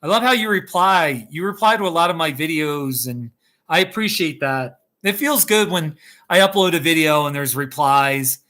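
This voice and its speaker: Chatty man, bright voice. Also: a little high, animated, moderate pace. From United States. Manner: rambling, chatty, laughs often. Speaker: YouTube host. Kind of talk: casual live-stream chat. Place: home kitchen.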